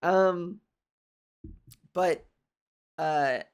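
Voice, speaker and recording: A woman's voice: fairly low pitch, very slow, darkish tone, clear, resonant tone. A woman comedian talks alone on her podcast from her bedroom. She rambles from one tangent to the next, sarcastic and freely profane. She breaks into laughter between riffs. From Canada. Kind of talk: solo comedic monologue.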